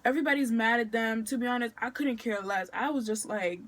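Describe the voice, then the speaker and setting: A woman's voice: on the high side, fairly quick, a bit bright. A young woman from Maryland chats through a personal story for her vlog. She talks loosely, leaning on fillers and slang, and acts out what people said along the way. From Maryland, USA. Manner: chatty, filler-heavy, slangy retelling with quoted dialogue. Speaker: vlogger.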